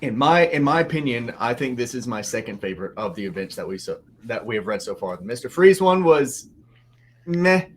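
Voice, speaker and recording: A man co-hosting a comic book podcast, talking casually with hesitant pauses. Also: on the low side, fairly bright tone, slight background noise. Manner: hesitant, laughs while talking. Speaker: podcast co-host. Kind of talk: casual chat.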